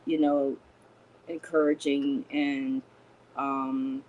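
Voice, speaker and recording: A woman talking as a guest on a spiritual chat stream, gentle and encouraging, with many pauses and fillers. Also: a bass voice, little pitch movement, lo-fi sound. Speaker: guest intuitive reader.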